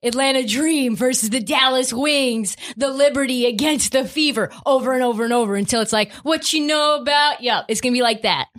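A woman's voice: on the high side, brisk, hardly any pauses. A woman hosting a sports podcast, ranting with profanity and rhetorical questions. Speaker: podcast host. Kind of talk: opinionated sports talk.

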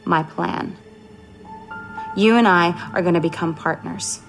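An actress playing a cold, scheming woman who confronts her sister with calm menace in a film drama. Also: on the low side, unhurried, creaky, soft background music. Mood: coldly menacing.

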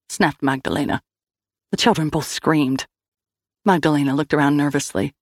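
A woman narrating a scripted story in an expressive, wry manner. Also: low-pitched, a little fast, no room sound, clean studio sound. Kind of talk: scripted audio-drama narration.

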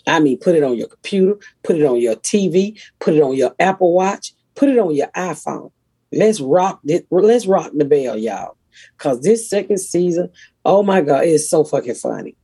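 A raspy middle-aged woman, a comedian hosting a podcast and telling blunt, profane stories. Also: sits low, animated, normal speed, warm tone, dry recording. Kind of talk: casual podcast chat.

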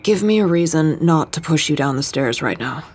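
Sardonic sleepy young man in a storybook reading, low husky tone, woman reading. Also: lively intonation, moderate pace, a little mellow, heavily acted. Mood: grumpy. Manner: grumbling, sardonic. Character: sleepy grumpy young man, narrator's friend.

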